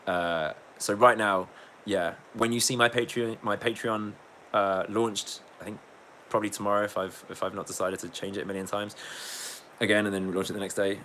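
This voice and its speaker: A man's voice: fairly low pitch, fairly even intonation, normal speed, pushed and bright, slight background noise. A man chatting casually on a livestream, reading chat comments, rambling, swearing and laughing often.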